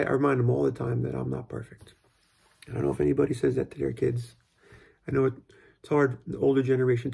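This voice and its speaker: A man with a deeply gravelly, raspy voice and a dark, mellow tone talks through parenting in a casual monologue. He rambles thoughtfully, with plenty of fillers and restarts. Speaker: father sharing parenting tips.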